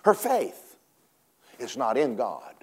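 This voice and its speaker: A man preaching a sermon in a church, dramatic, swinging from shouts down to hushed whispers. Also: medium pitch, huge pitch swings, slow. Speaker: pastor.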